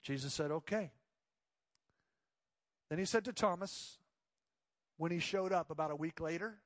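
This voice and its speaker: Male pastor, higher voice, dry close sound, animated sermon storyteller who acts out quotes. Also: unhurried, pauses often, dry recording. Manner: drops to soft pleading tones.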